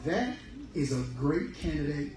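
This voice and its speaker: Echoey animated man preaching health. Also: fairly high pitch, a little slow, a crowd in the background. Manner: preachy and animated, acts out voices. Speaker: speaker on fruitarian health. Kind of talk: sermon-style health talk. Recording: very echoey room, from far off.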